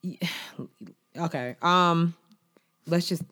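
A woman's voice: on the low side, very slow, bright, forceful tone. A woman co-hosting a casual podcast, laid-back and chatty with a slangy way of talking. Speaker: podcast co-host. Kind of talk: casual chat.

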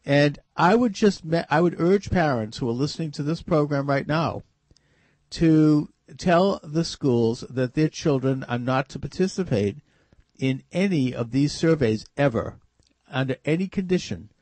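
A man's voice: fairly high pitch, expressive, measured pace, a little mellow, no room sound. A man hosting a radio talk show, earnestly urging listeners to act.

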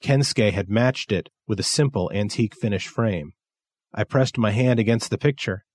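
Casting: male narrator, low voice, dry close sound, steady measured story reading. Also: dry recording. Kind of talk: scripted narration.

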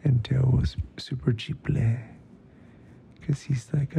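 Brief: male bedtime narrator, hushed and half-whispered, slow, very gravelly. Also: mid-range voice, fairly even intonation, slight background noise. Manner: hushed, often whispering, mixes in Spanish phrases. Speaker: storyteller host. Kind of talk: soft bedtime storytelling.

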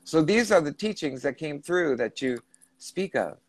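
A man's voice: on the high side, animated, moderate pace, no room sound. Earnest male podcast host, dry sound. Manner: earnest, retelling and rephrasing questions. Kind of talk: recounting a channeling session.

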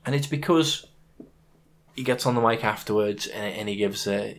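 A man's voice: on the low side, moderate pace. A man co-hosting a podcast, talking casually about fights and making emphatic points with examples. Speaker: podcast co-host. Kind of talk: casual MMA chat.

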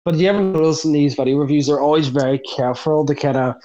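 Chatty man, slightly high voice. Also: steady tone, mellow. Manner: rambling, quick to laugh. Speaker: podcast co-host. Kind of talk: casual chat. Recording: dull lo-fi sound.

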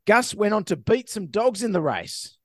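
Male podcast co-host, animated pitch, dry close sound, jokey delivery. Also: normal speed, dry recording. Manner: jokey, reads news story aloud with asides. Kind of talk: casual comedic podcast chat.

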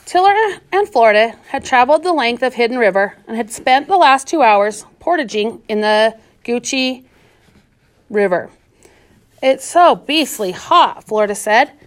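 A woman reading a children's novel aloud in measured scripted narration. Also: a little high, animated. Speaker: audiobook narrator.

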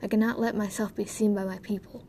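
A woman voicing a rude, shrill old male dwarf in a storybook reading, snapping and scolding. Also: level tone, quick pace, warm tone, a little hiss or hum, lightly acted. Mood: angry scolding.

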